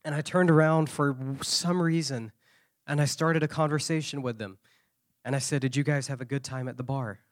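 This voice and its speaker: A man preaching at a conference, telling a story with lively shifts of voice. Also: on the high side, moderate pace, no room sound, studio quality. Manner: animated storyteller, acting out quoted voices. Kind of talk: sermon storytelling.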